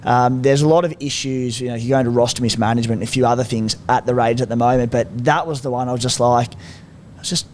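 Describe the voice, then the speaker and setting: A man's voice: mid-range voice, fairly even intonation, fast talker, darkish tone, slight background noise. A man co-hosting a casual sports podcast, laid-back and rambling as he makes his point. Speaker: podcast co-host.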